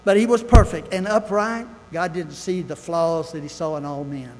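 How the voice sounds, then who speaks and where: A man's voice: fairly high pitch, steady tone, moderate pace, in a large hall, rough recording. An older man preaching a sermon in a church, folksy and earnest, with asides and scripture quotes. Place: church sanctuary.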